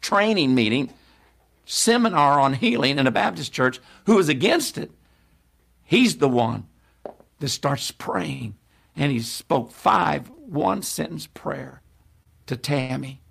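A man preaching a sermon, telling a story with animated delivery and acting out the voices of people in it. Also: on the high side, moderate pace, creaky, slightly rough.

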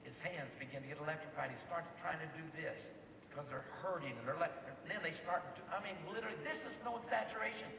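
A man preaching a sermon as a pastor, telling a story with passion and rising to loud peaks. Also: fairly high pitch, quick pace, vocal fry. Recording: echoey hall, distant mic, faint noise.

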